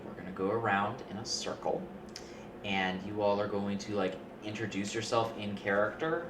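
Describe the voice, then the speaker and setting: A man running a tabletop game as game master, narrating in an unhurried, laid-back way. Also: fairly low pitch. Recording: distant roomy mic with background noise.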